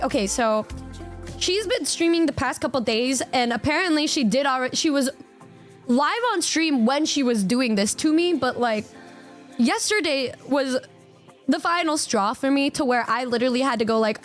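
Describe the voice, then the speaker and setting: A young woman streamer chatting to her viewers, rambling and excitable, with a lot of stammered restarts. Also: high voice, normal speed, soft background music. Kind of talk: casual stream chat.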